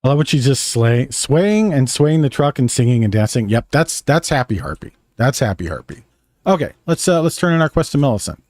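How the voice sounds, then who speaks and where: A man's voice: medium pitch, very animated, fairly quick, darkish tone, no room sound. A man streaming a game, telling a rambling story in a casual, profane way. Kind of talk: casual storytelling while gaming.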